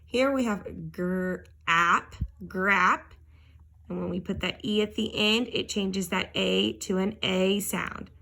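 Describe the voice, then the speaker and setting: Slow, gravelly-voiced woman teaching phonics. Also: medium pitch, steady tone, fairly bright tone. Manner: slow, careful sounding-out of letters and words. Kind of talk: phonics lesson for young children.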